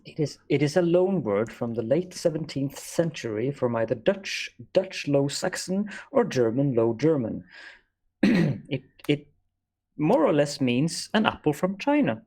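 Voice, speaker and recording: A man's voice: a little high, sing-song, darkish tone, slightly rough. A man co-hosting a casual podcast, carefully explaining where words come from. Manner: measured, explains word origins carefully. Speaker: podcast co-host.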